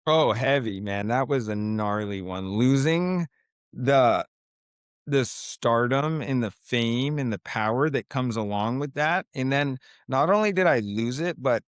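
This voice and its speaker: A man's voice: medium pitch, unhurried, clean tone, dry recording, clean studio sound. A man in his thirties, a podcast guest, talking casually with lots of fillers and laid-back slang, speaking from home. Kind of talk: casual interview talk. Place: home, with a baby heard nearby.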